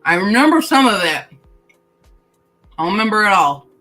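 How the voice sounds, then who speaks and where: A woman chats on a relaxed livestream in a bright, clear voice that swings up and down freely. She reads out viewers' comments, laughs easily and talks through mouthfuls of candy, with faint music behind her. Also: mid-range voice, moderate pace, rough recording. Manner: chatty, reads chat comments aloud, laughs often; talks while chewing candy. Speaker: livestream host of writing sprints. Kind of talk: casual livestream chat.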